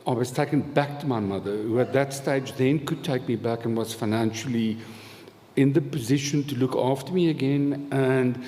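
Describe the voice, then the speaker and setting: A man's voice: medium pitch, moderate pace, mellow. A man telling a rambling, humorous story about his past as a guest on a live festival panel. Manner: chatty, rambling, laughs often, dry humour. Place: festival event hall. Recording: live hall with reverb, faint noise.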